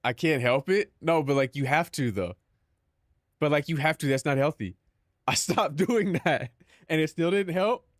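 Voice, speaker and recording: A man's voice: on the high side, animated, moderate pace, no echo, studio quality. A young man chatting casually on a live stream, joking and mock-dramatic with lots of filler words.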